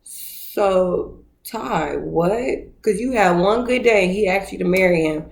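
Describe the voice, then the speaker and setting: A woman casually recapping a reality show, animated and acting out scenes in put-on voices. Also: medium pitch, slow pace, creaky. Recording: roomy echo.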